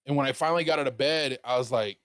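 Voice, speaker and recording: A man casually telling a story on his show, rambling and animated, swearing freely. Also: mid-range voice, rapid-fire, smooth, no room sound, studio quality. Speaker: streamer and podcast host.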